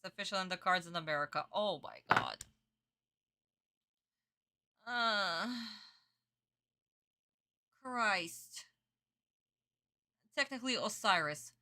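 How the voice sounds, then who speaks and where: A woman's voice: fairly low pitch, very animated, slow, pauses often, pushed and bright. A young woman streaming her reaction to a dubbed anime, chatting casually with viewers, exasperated, swearing and bursting into laughs.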